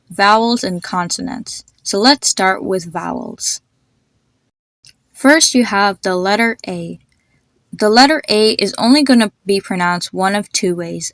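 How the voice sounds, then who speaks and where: Woman podcast host, mid-pitched, patient teacherly delivery, dry close sound. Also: fairly bright tone, no room sound. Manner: patient, spells out names and slows down to demonstrate sounds. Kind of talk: instructive podcast explainer.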